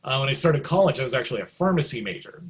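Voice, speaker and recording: A middle-aged man talks as a guest musician, telling stories in a loose, chatty way full of likes and you knows. He keeps jumping into excited quoted reactions, and his voice sits at an ordinary middle pitch. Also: racing. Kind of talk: casual storytelling in an interview.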